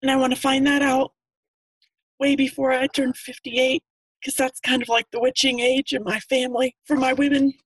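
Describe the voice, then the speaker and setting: A woman in her fifties from Pennsylvania, calling in on a video call, shares her story tearfully and earnestly, her speech halting. Her voice is high, husky, and level in tone. The recording is dry and of low quality.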